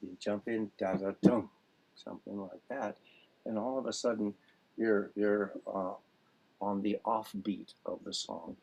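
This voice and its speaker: Man, lowish husky voice, chatty music teacher on a video call, wanders into analogies. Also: fairly even intonation, a little slow, a little mellow, rough recording. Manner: rambling, explains with homely analogies. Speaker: dulcimer teacher. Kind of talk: casual class introduction.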